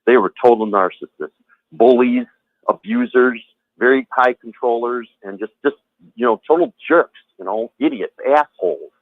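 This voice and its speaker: A man's voice: mid-range voice, animated, normal speed, no echo. A man speaking over a thin, phone-like line with a dry, close sound. He talks bluntly and at length, circling back to the same words and tossing in profanity. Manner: rambling, repeats himself, blunt and profane. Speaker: former Jehovah's Witness sharing his story. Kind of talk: heated phone conversation.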